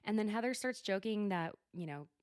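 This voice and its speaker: A woman's voice: medium pitch, lively intonation, fairly quick, a little mellow, no room sound, clean studio sound. A woman host with an Oklahoma Southern accent, chatting casually and bluntly in a solo recap, often laughing. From Oklahoma, USA. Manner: giggly, chatty, blunt, swears. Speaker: podcast host.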